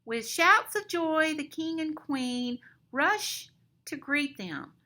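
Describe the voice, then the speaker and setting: Bright, lively teacher reading a storybook. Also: female voice, high voice, slow pace. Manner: expressive storytime narration. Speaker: elementary school teacher. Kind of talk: reading a picture book aloud.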